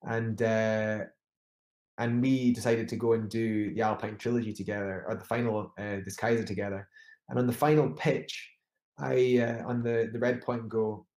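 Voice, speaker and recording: A man's voice: on the low side, flat delivery, moderate pace, darkish tone. Man, interview guest, rambling storyteller, roomy echo. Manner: rambling with many restarts and fillers. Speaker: climber guest.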